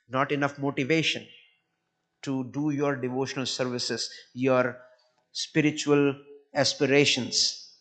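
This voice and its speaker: A man's voice: medium pitch, fairly bright tone. Earnest man giving a devotional talk. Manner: earnest, repeats words while searching for phrasing. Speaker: temple speaker.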